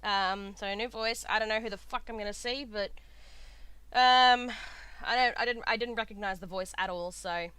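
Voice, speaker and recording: A woman with an Australian accent, chatting and reacting excitedly while playing a game, swearing freely. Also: medium pitch, normal speed, smooth, no echo. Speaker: gaming streamer. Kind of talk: casual let's-play commentary. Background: game music.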